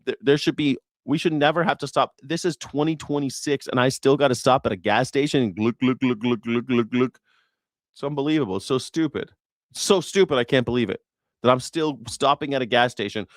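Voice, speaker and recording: A man's voice: medium pitch, fast talker, no room sound, studio quality. A man hosting a news reaction show, talking in a casual, profane and sarcastic rant. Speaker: host.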